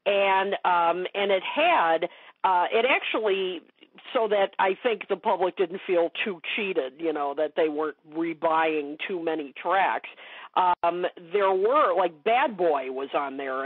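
A woman's voice: fairly low pitch, animated, a little slow, slightly rough, dry recording. A woman speaking as a guest expert in a casual interview chat, talking with many fillers and restarts. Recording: dry phone-like call audio.

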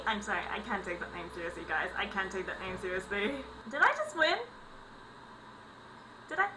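A young woman hosting a gaming channel, giving excitable let's-play commentary with sudden yelps and laughs, on a home recording with mains hum. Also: a little high, moderate pace.

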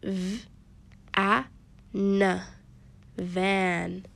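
A woman teaching a kindergarten phonics lesson, sounding out letters slowly and praising the children often. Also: mid-range voice, little pitch movement, gravelly, fairly bright tone.

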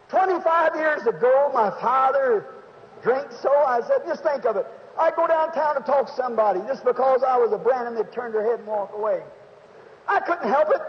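High-voiced preacher on old hall tape. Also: male voice. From United States. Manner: emotional preaching, drawn-out rising exclamations. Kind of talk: sermon. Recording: dull, hissy 1950s tape in a long-reverb hall.

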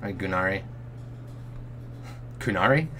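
A man's voice: low-pitched, expressive, measured pace, bright, forceful tone, a little hiss or hum. A man streaming a role-playing game, casually commenting in a jokey way, swearing and often muttering under his breath. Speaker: let's play streamer.

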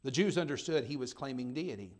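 A male pastor with a medium-pitched voice preaches a little fast and with plenty of animation. His sermon shifts from soft to loud, mixing readings of old-fashioned scripture with conversational remarks to the congregation.

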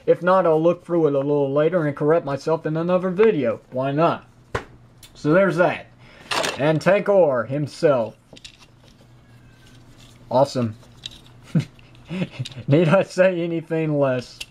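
High-pitched guy doing a casual toy review, chatty and opinionated, lots of you know. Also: unhurried, pauses often, darkish tone, a little hiss or hum. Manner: enthusiastic, with frequent praise. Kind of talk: casual product review to camera.

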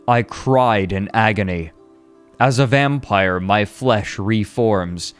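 A man's voice: on the low side, slow pace, smooth, faint music behind. A man streaming a comedic, mock-dramatic reading of a story at a desk microphone. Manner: mock-dramatic, breaks into laughter.

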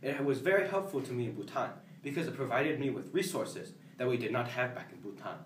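A young man playing a humble, hopeful job applicant who speaks in simple, halting phrases in an amateur comedy sketch. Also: mid-range voice, expressive, natural voice. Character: humble, hopeful male applicant Mister Yoon. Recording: roomy, distant, faint background noise.

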